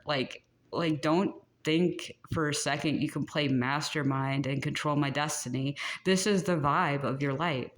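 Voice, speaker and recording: Low-voiced chatty woman reading tarot. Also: a little slow, hardly any pauses. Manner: chatty, laughing, animated asides. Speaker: tarot reader. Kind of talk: casual tarot reading to camera.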